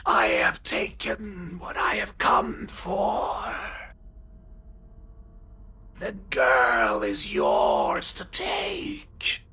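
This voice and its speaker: A man voicing a sinister, mocking villain who taunts the heroes from inside their minds, shouting and then whispering. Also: high-pitched, huge pitch swings, very slow, husky, pitched above the performer's own voice, exaggerated voice. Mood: gloating.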